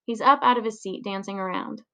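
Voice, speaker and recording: A woman reading a children's chapter book aloud in a clear, steady storytelling voice. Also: mid-range voice, brisk. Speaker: reader.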